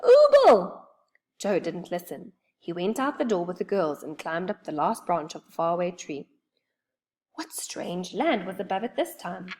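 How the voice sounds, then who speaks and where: A woman reading a children's storybook aloud with expressive, lively storytelling. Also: lowish voice, moderate pace.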